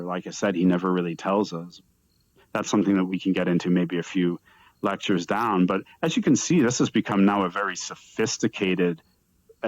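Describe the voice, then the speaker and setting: Male lecturer, low voice, dry sound, lively storytelling that acts out quotes. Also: no echo, rough recording. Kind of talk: live lecture. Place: virtual reality event.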